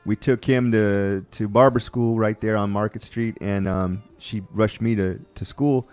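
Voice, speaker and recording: A man's voice: lowish voice, fairly even intonation, measured pace, darkish tone, clean tone. A man, a talk-show guest telling a funny childhood story in a casual way and laughing often.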